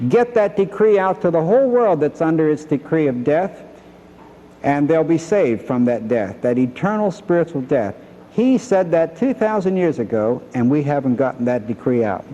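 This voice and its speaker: Older man, bible teacher, animated storytelling, mellow tone, hall reverb. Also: on the high side, moderate pace, muffled recording, slight background noise. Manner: storytelling, acts out the characters' lines. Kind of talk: Bible lesson.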